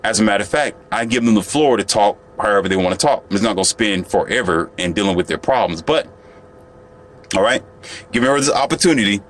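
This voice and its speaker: A vlogger with a lowish, lively voice talks fast as he tells a story to the camera. His monologue is casual and boastful, chatty, and he keeps turning to speak directly to the viewer.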